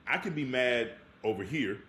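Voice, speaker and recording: A married man co-hosting a podcast, telling lively stories in casual chat and laughing often. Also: mid-range voice, moderate pace. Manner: animated storyteller, laughs often. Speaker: podcast co-host. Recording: echoey room with faint hiss.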